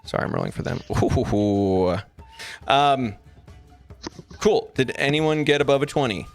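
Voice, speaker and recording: A man running a tabletop game as game master, rambling through the scene with many ums and likes. His voice is gravelly and lively in pitch, with soft music playing behind him. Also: unhurried.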